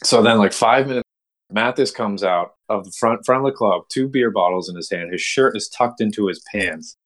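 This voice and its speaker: A young man on a podcast telling a rowdy story casually, acting out the quotes with big jumps in his voice. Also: normal speed. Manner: animated, acts out quotes with big pitch jumps. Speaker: podcast host.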